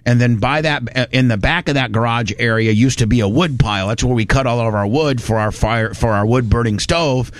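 A man's voice: mid-range voice, brisk, hardly any pauses, dry recording, clean studio sound. Folksy rambling storyteller man. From Indiana. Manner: rambling, folksy, restarts often. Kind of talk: casual storytelling.

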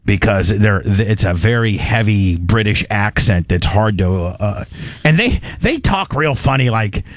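A man's voice: on the low side, animated, measured pace, no room sound, studio quality. A man hosting a podcast, talking in casual commentary that rambles, with many restarts and repeated words, blunt and crude. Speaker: podcast host.

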